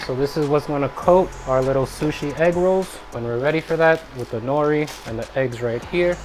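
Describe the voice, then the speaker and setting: A man's voice: mid-range voice, slight background noise. A man hosting a casual cooking vlog in his home kitchen, chatty and talking to himself as he works, a bit out of breath. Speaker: cooking channel host.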